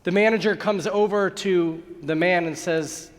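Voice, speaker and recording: A man's voice: high-pitched, a little slow, hardly any pauses. A man who is a rabbi, giving a sermon and telling a joke as a story, acting out the voices of its characters. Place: large synagogue sanctuary. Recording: long hall reverb.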